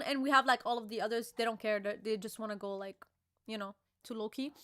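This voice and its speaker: A young woman co-hosting a casual live reaction chat, excitable and giggly, with lots of slang and restarts. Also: a little high, moderate pace, clear, resonant tone, dry recording, clean studio sound. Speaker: co-host reacting to a manga chapter.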